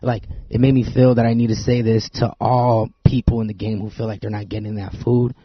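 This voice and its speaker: A man hosting a podcast in a loud, cussing, hyped-up way, full of shout-outs. His voice is a bit husky and the sound is dry and muffled, like a lo-fi home recording. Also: fairly low pitch, little pitch movement, a little fast, dry recording. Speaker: podcast host. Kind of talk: casual podcast chat.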